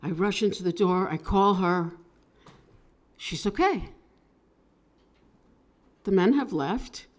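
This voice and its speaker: Woman, open mic storyteller, slow deliberate pace, mid pitch, emotional, hushed to loud. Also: lively intonation. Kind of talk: live dramatic storytelling.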